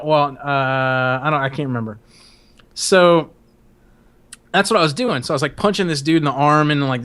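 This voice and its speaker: A man's voice: mid-range voice, a bit bright. A man hosting a podcast, telling rambling, profane stories in a casual chat and laughing as he goes. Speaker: podcast host.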